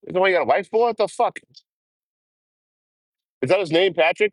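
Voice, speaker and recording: A man's voice: high-pitched, fast talker, long pauses, no room sound. A young man hosting a casual livestream, swearing and laughing as he chats with viewers while traveling. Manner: profane, laughing, chatty. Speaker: livestream host. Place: outdoors while traveling by train.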